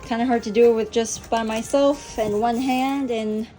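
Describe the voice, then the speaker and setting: A young beauty vlogger chats through an unboxing in a casual home product review vlog, full of fillers and asides to her pets. Her voice is on the high side and mellow, with fairly even intonation, normal speed and faint music in the background.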